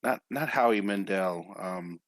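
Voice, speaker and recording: A man in a casual podcast chat, pausing and searching for a name mid-sentence. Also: sits low, dry recording. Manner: hesitant, searches for names. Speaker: podcast co-host.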